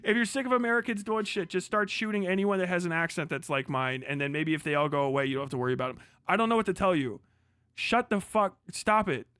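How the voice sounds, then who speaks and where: A man's voice: high voice, fast, fairly bright tone, smooth, dry recording, studio quality. A young man from Kentucky, ranting crudely and mockingly on a livestream, often breaking into laughter. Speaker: streamer. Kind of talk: profane political rant on a livestream.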